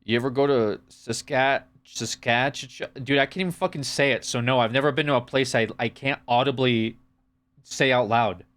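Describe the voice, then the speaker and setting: A man's voice: medium pitch, normal speed, fairly bright tone. Sarcastic foul-mouthed male streamer. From United States. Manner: sarcastic, profane, rambling rants at chat. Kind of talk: live stream reaction chat.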